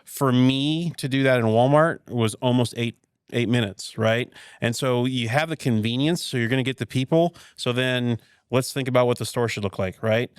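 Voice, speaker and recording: A man's voice: medium pitch, moderate pace, clear, resonant tone, no room sound. Dry-miked man telling retail stories. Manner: animated storyteller, rhetorical "right?" asides. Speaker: podcast host and retail veteran. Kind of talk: casual podcast chat.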